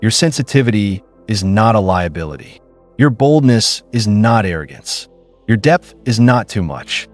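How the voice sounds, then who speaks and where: A man with a lowish voice preaches a scripted devotional message in a slow, solemn, declarative cadence. Soft music plays faintly beneath him. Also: very animated.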